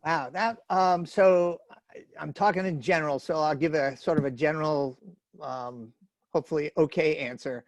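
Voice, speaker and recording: New york area guy, kinda high voice, rambly folksy webinar talk on a video call, dry sound. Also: moderate pace, dry recording. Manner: chatty, folksy storytelling with fillers. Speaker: webinar speaker.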